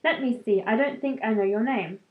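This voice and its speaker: A woman's voice: a little high, a little fast, echoey room, narrow, tinny audio, lightly acted. A woman reading aloud as a fussy, comfortable male hobbit who politely wants to be left alone, her voice a little raised and stumbling now and then.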